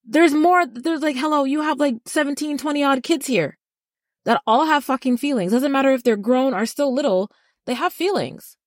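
This podcast co-host delivers a blunt, heated reality-TV recap rant, swearing freely. Her high-pitched voice runs at normal speed in a dry, clean studio recording.

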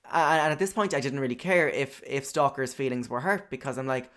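A man's voice: mid-range voice, fairly quick, fairly bright tone. Chatty young man telling a story. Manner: chatty, profane, lots of "you know" fillers. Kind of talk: casual personal storytelling.

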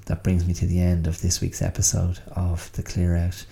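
A man's voice: low-pitched, completely flat delivery, moderate pace, vocal fry, dark tone. A man hosting his own solo podcast, talking in a wry, self-mocking, chatty way. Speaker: podcast host.

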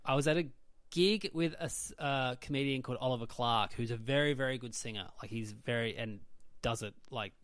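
Chatty comedian, dry sound. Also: male voice, mid-range voice, fairly quick, a bit bright, dry recording. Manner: chatty anecdotal storyteller, lots of likes. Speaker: guest comedian. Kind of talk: casual podcast chat.

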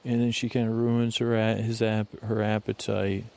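A man's voice: lowish voice, level tone, moderate pace, gravelly, darkish tone. A man hosting a bedtime podcast, giving a meandering, digressive recap full of fillers and restarts. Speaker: podcast host.

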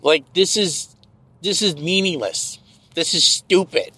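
A man's voice: fairly high pitch, fairly bright tone, dry recording, low-quality recording. A middle-aged man hosting a podcast, ranting in a casual, sarcastic and profane monologue from his car. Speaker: podcast host. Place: car, driving.

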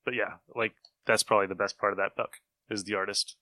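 Lower-voiced man, crisp dry sound. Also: little pitch movement, quick pace, pushed and bright, dry recording. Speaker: comic book podcast co-host. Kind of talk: casual chat.

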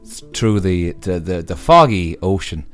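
A man improvising a comedy story with a co-host, dropping deadpan twists. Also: low voice, unhurried, soft background music.

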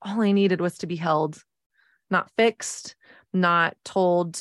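Earnest woman in her thirties, low and dry. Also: steady tone, slow pace, no echo. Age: 30s. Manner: earnest, reflective, with frequent "like" fillers. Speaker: podcast host. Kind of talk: personal storytelling.

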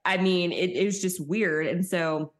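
A young woman co-hosting a podcast, chatting casually and animatedly while recapping a reality show. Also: unhurried. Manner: animated, acts out quotes with high voices. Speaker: podcast co-host.

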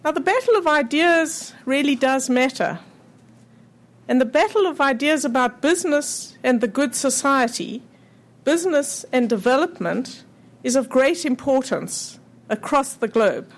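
A middle-aged woman giving a measured, persuasive prepared talk, telling stories to make her case. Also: high voice, expressive. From South Africa. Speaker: speaker.

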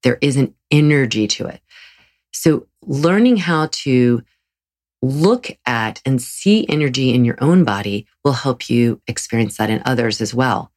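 A woman's voice: very deep voice, lively intonation, measured pace, a little mellow. Earnest encouraging woman podcast host. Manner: earnest, encouraging, with frequent restarts. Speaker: podcast host and yoga teacher. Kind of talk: solo podcast talk.

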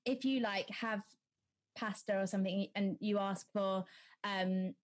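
A woman's voice: mid-range voice, fairly even intonation, a little slow. A young woman hosting a casual interview, enthusiastic and full of fillers. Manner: enthusiastic, gushing, filler-heavy. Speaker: host, interviewer.

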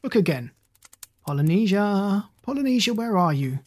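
A reader voicing a kindly, anxious doctor in a storybook. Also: male voice, a little high, expressive, quick pace, breathy edge, heavily acted. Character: kindly worried country doctor.

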